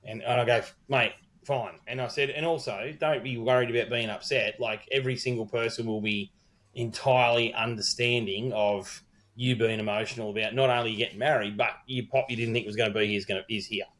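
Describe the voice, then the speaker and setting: A man's voice: medium pitch, fairly even intonation, fairly quick, fairly bright tone. A middle-aged Australian man, a wedding celebrant, co-hosting a podcast and telling a rambling story full of quoted dialogue and swearing. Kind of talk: casual storytelling chat.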